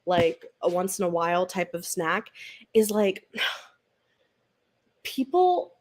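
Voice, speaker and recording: Giggly woman rambling on a read-along stream, slow and easygoing, lots of likes and ums. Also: on the low side, very animated. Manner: giggly and rambling, many fillers. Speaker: booktube host. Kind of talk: casual chat during a read-along livestream.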